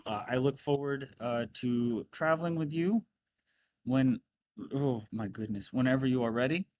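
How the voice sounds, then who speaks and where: A man's voice: mid-range voice, moderate pace, a little mellow, no echo, lightly acted. A man playing an older noble lady in a fantasy game, gushing, stammering, nostalgic. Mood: fond. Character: emotional tipsy older noblewoman.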